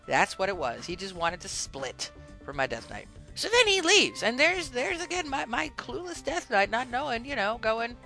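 A woman hosts a podcast, spinning comic game anecdotes with lively swings in pitch. Her voice is gravelly and forceful, and faint music plays underneath. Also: normal speed. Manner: animated, joking, storytelling. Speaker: podcast host.

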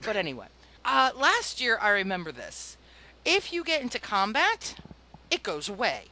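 A woman's voice: mid-range voice, wildly swooping pitch, normal speed, bright, forceful tone. A woman co-hosting a casual gaming podcast, playfully grumbling and laughing often. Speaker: podcast co-host.

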